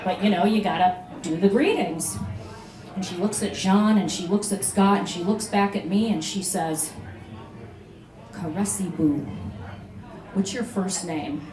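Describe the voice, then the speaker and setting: Woman, mid-pitched, telling a personal story onstage in a chatty, halting way; echoey room. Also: a crowd in the background. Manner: conversational, many fillers and restarts. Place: live venue, beach bar room.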